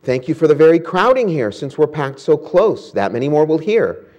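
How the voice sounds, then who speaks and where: A woman's voice: low-pitched, very animated, normal speed, dark tone, highs cut off, pitched above the performer's own voice. A man voicing a serene, devout woman prisoner. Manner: eager and matter-of-fact.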